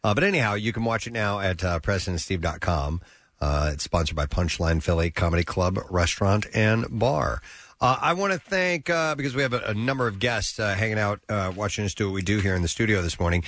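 A man's voice: fairly low pitch, brisk, a bit bright, dry recording, studio quality. A man hosting a morning radio show, chatting casually with lots of filler sounds. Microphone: studio mic.

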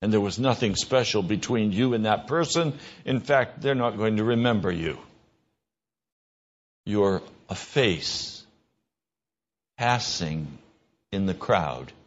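Slow earnest guy preaching a sermon, pitch climbs when he drives a point home, kinda muffled lo-fi sound. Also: expressive. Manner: earnest, rises in pitch for emphasis and mimicked dialogue.

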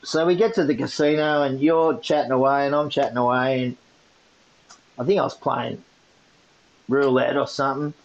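An Australian man co-hosting a podcast, telling a story in a casual, animated way and laughing often. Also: mid-range voice, moderate pace, creaky, pauses often, dull audio. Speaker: podcast co-host.

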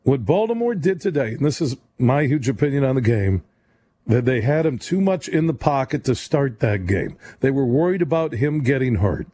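Male sports radio host, mellow voice, fast-talking, opinionated. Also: medium pitch. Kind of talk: late-night sports call-in show. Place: radio studio.

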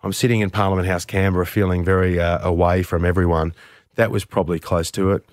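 A man's voice: deep voice, flat delivery, fast talker, no echo. A man, middle-aged, telling candid, self-deprecating stories in conversation as an interview guest. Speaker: radio host, interview guest. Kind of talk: conversational storytelling.

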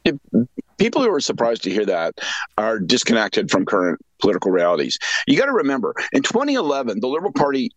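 A man's voice: medium pitch, huge pitch swings, fast, dry recording, lo-fi sound. Blunt man, political analyst. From Canada. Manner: blunt, conversational, many restarts. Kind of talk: casual opinionated talk.

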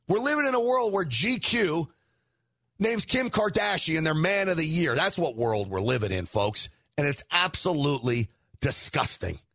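Man, middle-aged, political host, indignant, near-shouting peaks, slightly high voice. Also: animated, moderate pace, no room sound. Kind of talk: opinion monologue and ad read.

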